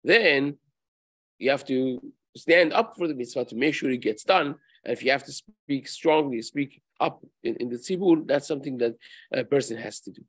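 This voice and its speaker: A man's voice: mid-range voice, animated, moderate pace, dry recording, rough recording. A man, a rabbi, teaching a daily Torah lesson in a casual, conversational way, telling stories and weaving in Hebrew terms. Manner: conversational, tells anecdotes, mixes Hebrew and Yiddish terms.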